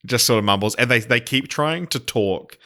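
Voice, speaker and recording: A man's voice: medium pitch, moderate pace, sharp tone. A man co-hosting a podcast in casual chat, rambling and swearing, with many fillers and restarts. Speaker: podcast co-host.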